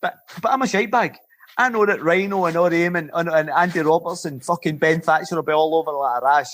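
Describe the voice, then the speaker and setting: A man's voice: a little high, fast talker. Swearing Scottish man telling stories. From Scotland. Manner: swears freely, lively rambling storyteller with restarts. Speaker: guest, former footballer. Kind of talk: casual anecdotal storytelling.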